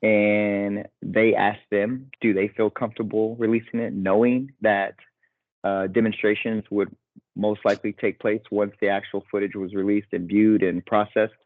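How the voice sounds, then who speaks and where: A man co-hosting a casual podcast, with a gravelly voice, speaking in a measured way and asking questions. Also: lowish voice, flat delivery, dry recording. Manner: measured, questioning, gives short backchannels. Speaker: podcast co-host. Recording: dry, phone-like thin audio.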